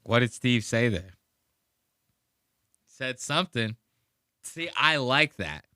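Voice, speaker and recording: A podcast host delivers a profane, mocking rant about a clip he is playing. His voice is bright and forceful. The sound is dry and close, with little room in it. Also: medium pitch, expressive, slow pace, clean tone, no room sound. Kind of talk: casual commentary on a played clip.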